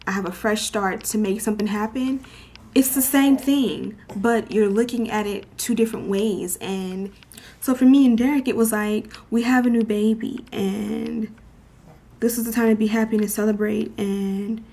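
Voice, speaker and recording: A woman's voice: fairly high pitch, fairly even intonation, normal speed, mellow. A young woman talking candidly to her camera in a personal vlog, rambling and heartfelt, with lots of "you know" and "um". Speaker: vlogger. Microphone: camera mic. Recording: faint background noise.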